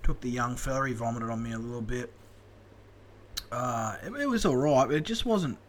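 A man with an Australian accent, telling casual stories as a podcast co-host, animated and swearing freely. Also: medium pitch, moderate pace, a little hiss or hum. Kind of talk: casual storytelling chat.

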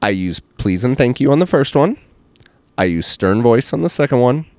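A man co-hosting a podcast in casual chat, a parent who acts out quotes with lively emphasis, recorded on an outdoor patio. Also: medium pitch, moderate pace, no echo. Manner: animated storyteller, acts out quotes. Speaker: podcast co-host. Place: back patio outdoors by a fire.

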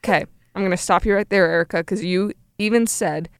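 Young female podcast co-host, casual and animated; smooth, resonant voice, dry close mic. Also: mid-range voice, fairly quick, dry recording. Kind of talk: casual chat recapping a reality show.

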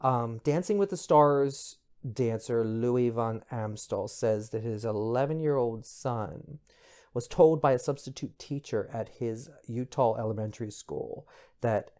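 A middle-aged man hosting a podcast, chatting in a gossipy, expressive way with bursts of high exclamation. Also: unhurried. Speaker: podcast host. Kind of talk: casual pop culture commentary.

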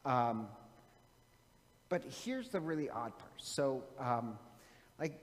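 A man's voice: medium pitch, sing-song, slow pace. A man, a priest, casually telling an anecdote from his seminary days, rambling with many fillers and restarts. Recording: long hall reverb.

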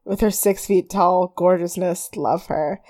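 A woman co-hosting a podcast in casual recap chat, animated and often laughing, with a mild stutter. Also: on the low side, a little slow. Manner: animated, laughing, mimics people in quoted voices. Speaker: podcast co-host.

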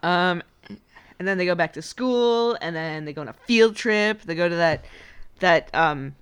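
A woman's voice: on the low side, a little slow, clean tone. A woman casually recapping a movie in a chatty, playful way, acting out lines as she goes. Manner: chatty, playful, acts out quotes in voices.

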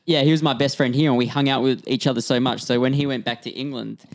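A man's voice: medium pitch, steady tone, fast. A man co-hosting a podcast, chatting casually and cracking crude jokes with swearing. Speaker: podcast co-host.

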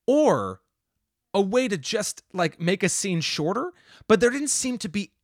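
A man's voice: a little high, dry recording, clean studio sound. A man co-hosting a film review podcast, chatting casually and rambling with many restarts. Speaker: podcast co-host.

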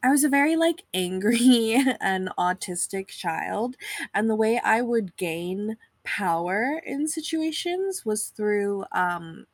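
A young woman hosting a podcast, talking in a rambling, self-deprecating way from her bed at home, with vocal fry. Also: medium pitch, animated, takes it slowly, dry recording. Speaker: podcast host. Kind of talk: casual conversation.

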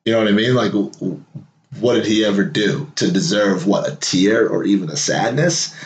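A man's voice: fairly low pitch, moderate pace, roomy sound, rough recording. A man in his late thirties talking candidly in a casual personal monologue, loose and conversational, full of fillers and wry laughs. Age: late 30s.

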